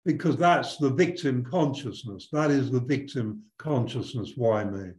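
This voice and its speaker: An older man talks in a thoughtful, storytelling way, often restarting his sentences. His voice sits at an ordinary pitch for a man. The room around him is roomy and echoey. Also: expressive, a little slow, a little mellow. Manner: reflective, anecdotal, frequent restarts. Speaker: spiritual teacher guest. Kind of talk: conversational interview storytelling.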